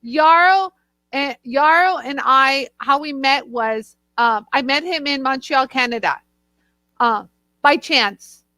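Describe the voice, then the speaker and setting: Bright high-voiced chatty woman. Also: takes it slowly, dry recording. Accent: American. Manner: playful, giggly, jumps between topics. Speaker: co-host. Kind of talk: casual chat.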